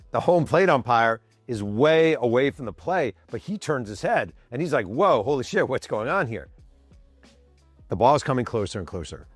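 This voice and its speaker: A man in his fifties, a podcast host telling a sports story from his office with animated energy, acting out the quotes and swearing casually. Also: mid-range voice, no echo. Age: 50s. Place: home office.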